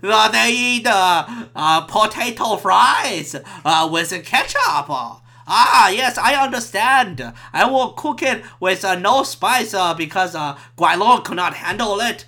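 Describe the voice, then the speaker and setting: A man voicing a male Chinese restaurant cook with a Cantonese accent, speaking halting, broken English. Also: high voice, expressive, gravelly, pushed and bright, exaggerated voice. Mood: eager.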